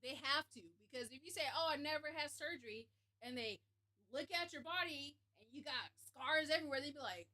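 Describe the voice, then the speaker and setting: A woman streamer telling a story to her live chat in a casual way, animated and frank, laughing often and swearing freely. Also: sits high, a little fast.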